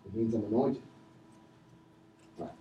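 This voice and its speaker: A man preaching a sermon and calling for responses from the congregation, swinging between shouted lines and low asides. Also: a little slow, lo-fi sound. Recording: echoey church from far off.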